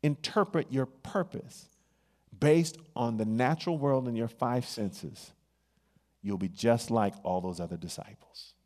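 Male preacher, mid-range voice, hushed-to-loud sermon delivery, reverberant sanctuary sound. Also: medium pitch. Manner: builds from hushed, drawn-out phrases to loud excited bursts. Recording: long hall reverb.

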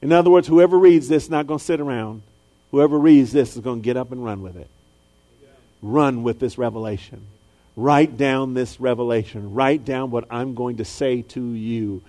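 Here a man preaches as a pastor, speaking at normal speed while swinging from quiet and low to loud and high, giving voice to the people his stories describe.

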